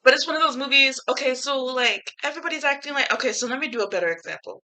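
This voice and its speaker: A young woman chatting casually to her camera as a YouTuber, animated and slangy, laughing often and swearing freely. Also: high-pitched, quick pace, poor audio. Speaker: YouTuber reviewing a film. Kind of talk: casual chatty movie review.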